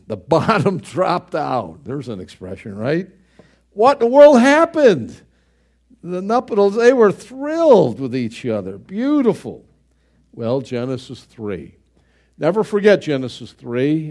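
A middle-aged man preaching a sermon as pastor, emphatic, with dramatic swings in pitch and volume. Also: a little mellow.

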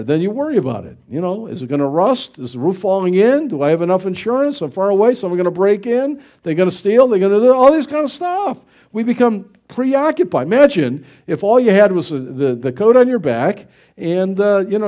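A man's voice: sits high, dark tone. A middle-aged man from the United States, preaching in a folksy, conversational way with many rhetorical questions. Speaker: pastor. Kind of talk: sermon.

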